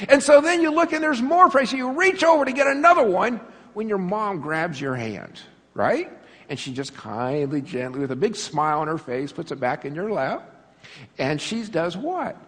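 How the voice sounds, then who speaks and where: A man preaching a sermon, an animated storyteller who laughs often and acts out little scenes. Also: high voice, big-room sound. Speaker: pastor.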